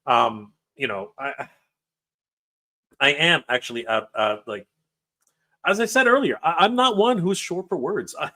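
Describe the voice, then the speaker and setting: A man hosting a livestream, emotional and excited, often stumbling over his words while reading viewer comments. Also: fairly high pitch, a little slow, long pauses. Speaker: livestream host.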